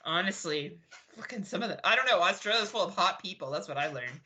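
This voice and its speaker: This podcast co-host, a Canadian woman, talks fast in a lowish, sharp, animated voice, laughing, cursing and rambling through easygoing banter. Slight background noise can be heard.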